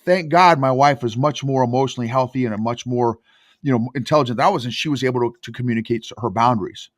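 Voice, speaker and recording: A man with a medium-pitched voice talks fast in a dry, studio-quality recording. He coaches emotional intelligence and tells stories in an emphatic, animated way during a podcast interview.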